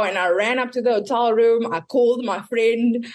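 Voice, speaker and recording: A woman telling a personal story in casual podcast chat, animated and acting out the people she quotes. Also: a little high, fairly quick, hardly any pauses. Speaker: guest telling her story.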